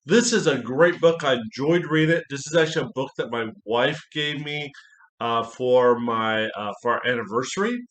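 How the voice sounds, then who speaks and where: A pastor doing a casual book review, rambling and enthusiastic, with many fillers and self-corrections. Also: male voice, medium pitch, moderate pace, a bit bright. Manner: enthusiastic, repeats praise.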